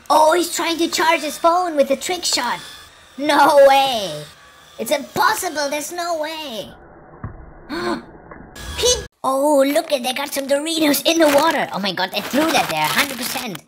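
A woman hosting a reaction video, excitable, gasping and laughing with constant exclamations over the clips. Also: sits high, measured pace, background noise. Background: clip sound and music playing.

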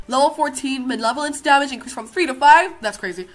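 Excitable young woman gaming commentator. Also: high voice, a little fast, hardly any pauses, soft background music. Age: young adult. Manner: loud, excitable, swears, reads out game text. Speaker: gaming video creator. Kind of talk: casual gameplay commentary.

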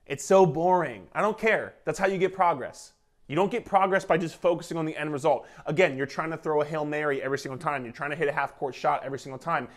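With a voice on the high side and a fast delivery, a fitness coach gives a casual weight-loss pep talk to camera, repeating himself for emphasis and sometimes swearing.

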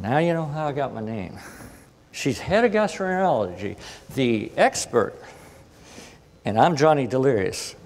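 A man giving a storytelling lecture as a guest speaker, animated and acting out the voices of people he quotes. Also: medium pitch. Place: conference hall. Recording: long hall reverb.

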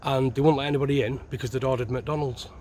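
A man's voice: medium pitch, steady tone, quick pace, darkish tone, a little hiss or hum. A man who was once a prisoner, chatting in a plain, laid-back way outdoors at night. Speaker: guest, former prisoner. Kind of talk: casual chat.

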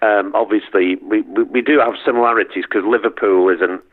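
A middle-aged man from Northern England with a Manchester accent, chatting as an interview guest in a halting way with lots of restarts. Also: fairly low pitch, steady tone, phone-quality sound. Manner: halting, many restarts and repeats. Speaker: guest, performer. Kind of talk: casual interview chat.

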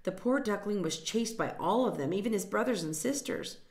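Woman, storytime reader, gentle, explains words to children, mid-pitched voice, echoey room. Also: lively intonation, a little fast. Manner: gentle, stops to explain words and point at pictures. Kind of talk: reading a picture book aloud to children.

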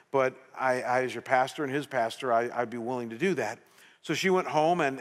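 A middle-aged pastor preaches to his congregation, telling a story in an animated way and often restarting his phrases. His voice sits in the middle range for a man. A long reverb from a large church hall trails behind every sentence. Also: medium pitch. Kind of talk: sermon. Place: church sanctuary.

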